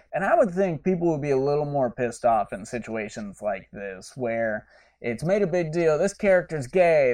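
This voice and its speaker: A man's voice: fairly high pitch, far from the mic. Profane, rambling man recapping a film. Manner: rambling, profane, animated retelling. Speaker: podcast host. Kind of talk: casual movie review recap.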